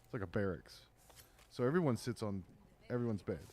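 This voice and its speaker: A man's voice: lowish voice, lively intonation, brisk, noisy background. A man co-hosting a gameplay podcast, casually telling a rambling, profane story and joking about the game. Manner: loose storytelling, profane, laughing. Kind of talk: casual chat over gameplay.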